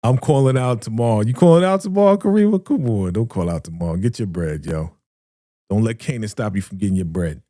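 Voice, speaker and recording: A man with runs a live reaction stream. He talks in a mellow, warm voice and swings from loud hype to low mutters while he reads out viewer comments. The sound is close and dry. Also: a little fast, dry recording. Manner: animated, slangy, reads viewer comments aloud. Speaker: reaction show host.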